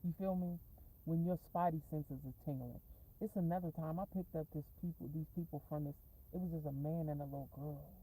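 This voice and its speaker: Woman, casual vlogger; low-ish, warm voice; swears freely, drifts off on tangents. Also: steady tone, a little fast, husky, poor audio. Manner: rambling, profane, tangent-prone, laughs often. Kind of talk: casual rambling storytime vlog. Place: in a parked car.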